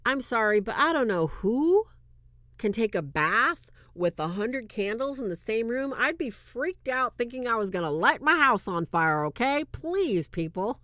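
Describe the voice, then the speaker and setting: A woman hosting a religious film review, talking casually to her viewers and swinging between loud and hushed. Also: a little high, animated, a little slow, dry recording. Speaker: host reviewing a film on demonology. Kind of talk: casual faith-based commentary.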